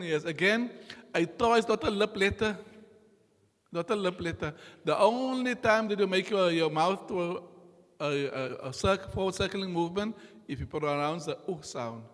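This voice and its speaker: A man teaching a class in a mosque, slow and patient, repeating each sound for his students to copy. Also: high-pitched. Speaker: Qur'an recitation teacher. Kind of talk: classroom lesson. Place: mosque hall. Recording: long hall reverb.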